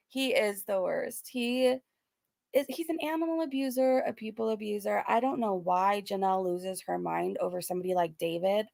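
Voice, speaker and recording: This woman hosts casual reaction commentary, laughing between sarcastic remarks in what she herself calls a valley girl voice. Her mid-range voice is gravelly and moves at a moderate pace. The audio is studio quality with no room sound.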